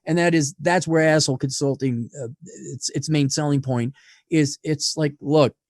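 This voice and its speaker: A man being interviewed on a podcast, blunt and profane, swinging from loud rants to low asides. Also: normal speed, dry recording, studio quality. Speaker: podcast guest.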